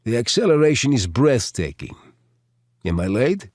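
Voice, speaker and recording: Cocky undercover guy read by a man, smooth, low, husky edge. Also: lively intonation, normal speed, no room sound, studio quality. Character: cool, confident male undercover operative.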